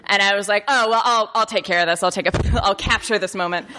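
A woman with a mid-range voice tells a personal anecdote to an audience at a quick pace, poking fun at herself, stumbling over words and laughing along. Crowd noise and the long reverb of a hall surround her storytelling.

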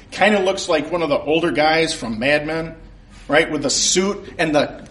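A man telling a funny personal story to a crowd, laughing often and poking fun at himself. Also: a little high. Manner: animated, laughing often, self-mocking. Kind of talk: comic personal story told to an audience.

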